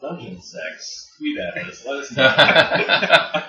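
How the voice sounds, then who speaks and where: A man's voice: on the high side, expressive, slow pace, creaky, pushed and bright, a little hiss or hum. Rambling man on a distant roomy mic. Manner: rambling, laughing, full of likes. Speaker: podcast co-host. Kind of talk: casual chat. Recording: distant, dull, roomy mic with chatter behind.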